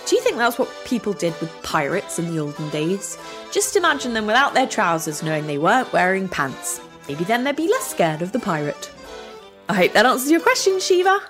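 A woman hosting a podcast for children, reading a script in a bright, expressive way. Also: mid-range voice, brisk, faint music behind. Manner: bright, lively, expressive delivery.

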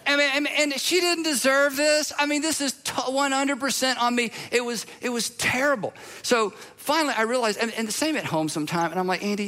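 A man's voice: very high voice, bright, forceful tone. A middle-aged man preaching a sermon to his congregation in a conversational, self-deprecating storytelling manner, dropping to a near-whisper when quoting scripture. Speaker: pastor.

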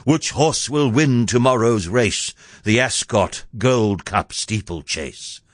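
A man's voice: medium pitch, slow, dry recording, clean studio sound, lightly acted. A man voicing a broke little dwarf in a storybook verse reading, pleading and earnest.

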